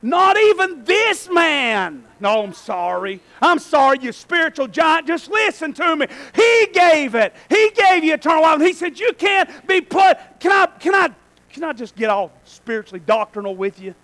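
A male pastor preaching a sermon in a church, swinging between shouted lines and quiet asides. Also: very high voice, sing-song, moderate pace, few pauses, poor audio.

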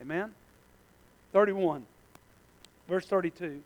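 A man with a very high voice preaching a sermon. He builds and drops his intensity, repeating phrases over and over for emphasis. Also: moderate pace, a bit bright, smooth. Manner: impassioned preaching, rising and falling in intensity. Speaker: pastor.

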